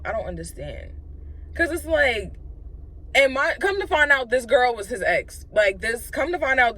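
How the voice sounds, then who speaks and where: A young adult woman vlogger telling a casual, profane story, animated and full of fillers. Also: on the high side.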